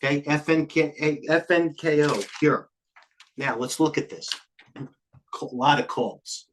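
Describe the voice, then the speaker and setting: An older man hosting a live trading stream, talking quickly and jumping between stock tickers, a little out of breath. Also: fairly high pitch. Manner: rapid, scattered, jumps between tickers. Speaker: trading show host. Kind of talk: live market commentary.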